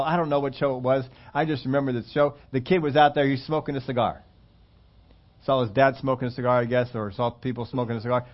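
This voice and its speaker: Male preacher, animated storyteller, slightly high voice, dull recording. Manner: animated storytelling, emphatic repetition. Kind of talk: sermon with scripture reading.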